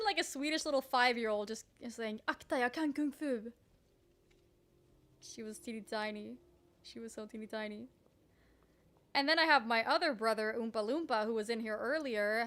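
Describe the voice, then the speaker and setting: High-voiced young woman streamer, chatty. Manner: animated, swears freely, heavy use of "like", laughs often. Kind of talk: casual storytelling on a live stream.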